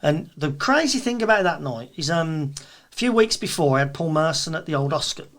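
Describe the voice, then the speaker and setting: A man with a Birmingham accent tells stories in a casual chat as a guest, and his voice sits a little high. He lively acts out what others said along the way. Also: a little fast. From England. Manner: animated storyteller, acts out quotes. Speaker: guest, event promoter.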